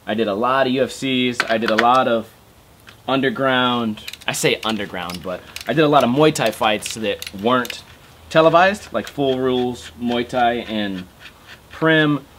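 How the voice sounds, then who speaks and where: A young man, chatting loosely from his room and cursing constantly as he wanders between tangents. His voice sits at an ordinary pitch, and a faint hiss with the odd click stays underneath it. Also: measured pace. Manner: swears constantly, rambling and animated. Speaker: skateboarding vlogger. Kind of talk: casual chat. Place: home room.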